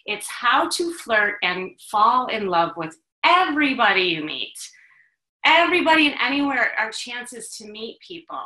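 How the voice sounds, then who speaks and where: A woman from Chicago, hosting a talk for women and telling her own story in an animated, confiding way with laughs and restarts. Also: on the high side, unhurried, roomy sound, low-quality recording. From Chicago, USA. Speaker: host, dating coach. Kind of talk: personal storytelling to an audience of women.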